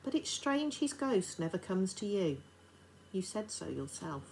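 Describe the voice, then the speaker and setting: A woman's voice: medium pitch, big pitch swings, unhurried, darkish tone, slight background noise. A woman voicing a nervous but bold young housemaid. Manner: bold, pushing through nerves.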